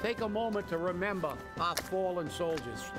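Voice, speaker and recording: A man with a notably high-pitched voice delivers heated political commentary. He rants indignantly and fires off rhetorical questions as a show co-host. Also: normal speed, music in the background.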